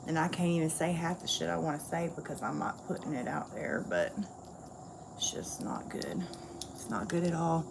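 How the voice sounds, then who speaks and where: Lady venting on her livestream, blunt and swears a lot, kinda low voice. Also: normal speed, creaky, background noise. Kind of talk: casual livestream chat.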